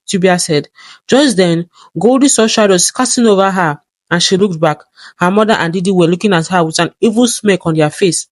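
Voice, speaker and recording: An even, measured narrator voice reads a folktale aloud. The pitch sits in the middle, and the sound is close and dry with no room around it. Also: dry recording. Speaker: storyteller.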